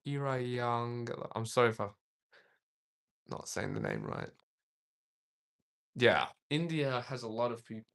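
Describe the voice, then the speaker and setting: A man's voice: medium pitch, expressive, measured pace, creaky, pauses often, fairly bright tone. A young man from Australia, casually chatting on a livestream, rambling and reading viewer comments aloud with frequent laughs. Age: young adult. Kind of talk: casual live-stream chat.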